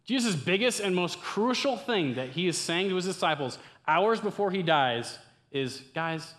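This young man's voice sits high and moves at a normal speed as he preaches informally to a campus ministry group. He goes from loud, excited bursts to hushed, earnest lines.

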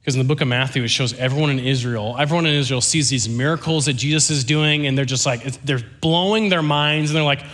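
A young man giving a sermon, telling a story with lively, animated delivery and often checking in with the audience. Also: medium pitch, fast talker, hardly any pauses.

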